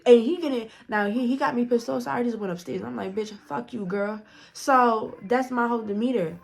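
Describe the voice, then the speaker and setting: A woman's voice: fairly high pitch, fairly quick, creaky. A woman vlogger telling a storytime in a blunt, profane way, acting out the dialogue as she goes. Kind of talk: casual storytime narration.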